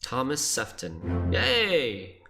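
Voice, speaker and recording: A man's voice: medium pitch, huge pitch swings, drawn-out words, music in the background. A man streaming a game, chatting casually and thinking aloud as he plays, often laughing.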